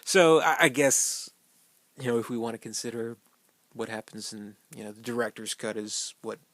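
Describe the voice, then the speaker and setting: A man's voice: fairly low pitch, monotone, brisk, dry recording. A man giving a casual, rambling fan commentary on a film, loose and profane, full of fillers and small chuckles.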